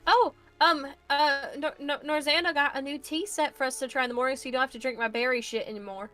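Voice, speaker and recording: A woman's voice: high-pitched, fairly even intonation, fast, fairly bright tone, soft background music. A woman playing a tabletop game over a video call, teasing and blunt, swearing casually. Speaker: player. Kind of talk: casual tabletop role-play chat.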